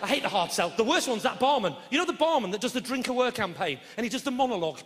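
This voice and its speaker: A middle-aged man doing a brash, sweary live stand-up routine, shouting his punchlines. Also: very high-pitched, lively intonation, quick pace. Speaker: stand-up comedian. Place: large theatre with audience. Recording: reverberant live hall with audience noise.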